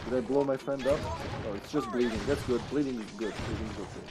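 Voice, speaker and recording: A man streaming a video game live, chatting casually and playfully, breaking into excited shouts. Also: medium pitch, quick pace, background noise. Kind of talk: live gameplay commentary.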